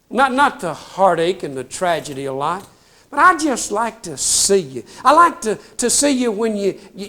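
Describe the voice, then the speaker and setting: Brief: high-pitched folksy trooper-storyteller, animated, talks to the crowd. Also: male voice. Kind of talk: comic storytelling before a live audience.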